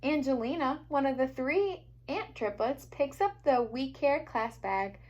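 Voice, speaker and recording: A teacher reading a picture book aloud to young children, gentle and expressive. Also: female voice, high voice, unhurried, muffled recording. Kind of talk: storybook read-aloud for children.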